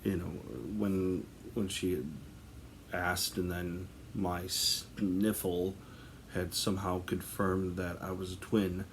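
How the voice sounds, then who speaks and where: A man's voice: sits low, little pitch movement, takes it slowly, slight background noise. A man casually telling a comic story on a podcast, rambling through lots of fillers and breaking into laughter. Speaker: podcast host.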